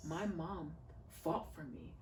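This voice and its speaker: A woman in her thirties talks earnestly about faith and raising children, rising and swelling as she speaks. Her voice sits fairly low and sounds a little distant from the mic. The room is echoey, with faint noise in the background. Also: slow pace. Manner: earnest, heartfelt, preacher-like storytelling. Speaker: podcast guest. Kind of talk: casual conversational interview.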